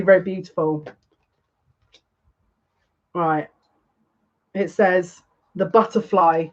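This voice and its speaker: A psychic reads tarot live for viewers in an excitable, breathless rush. Sentences keep breaking off and restarting. The stream audio is dull and lo-fi. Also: medium pitch.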